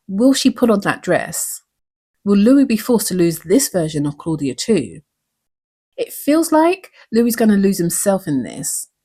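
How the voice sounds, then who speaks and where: A woman's voice: mid-range voice, mellow, breathy edge. A woman hosting her own channel, breaking down a TV episode with earnest emotion and many rhetorical questions. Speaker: YouTube show recap host.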